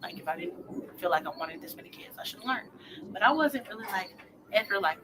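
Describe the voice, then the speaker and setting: A woman's voice: medium pitch, expressive, fairly quick. A woman in her twenties telling her story as a mother, blunt and profane, often dropping to a near-whisper. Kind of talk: candid personal storytelling. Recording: noisy clip played in a reaction video.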